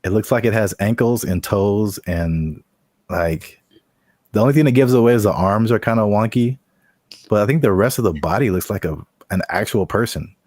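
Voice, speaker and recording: A man's voice: on the low side, normal speed, darkish tone, no echo. A man co-hosting a casual podcast, joking and laughing with his partner. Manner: playful, jokey, laughs often. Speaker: podcast co-host. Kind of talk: casual banter.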